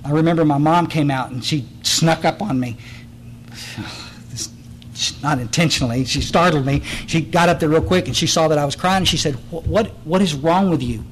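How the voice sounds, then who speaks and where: A man's voice: a little high, normal speed, slight background noise, low-quality recording. Earnest man telling his story. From Texas Hill Country. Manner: earnest, blunt, emphatic, restarts and repeats words. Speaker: recovery meeting speaker. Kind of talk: personal testimony talk.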